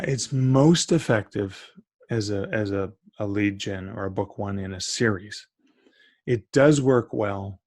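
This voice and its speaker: A man's voice: lowish voice, a little mellow, dry recording. Enthusiastic man on a dry podcast mic. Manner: enthusiastic, restarts mid-sentence. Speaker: guest, publishing consultant. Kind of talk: casual podcast interview.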